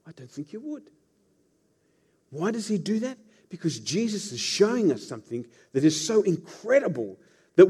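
A man's voice: high voice, a little mellow, breathy edge. A man preaching a sermon as pastor, telling the story with playful asides to the congregation.

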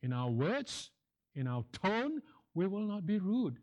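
Male preacher, slightly high-pitched, delivering a sermon in a measured, emphatic way with deliberate repetition. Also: very animated, a little mellow. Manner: emphatic, repeats key phrases.

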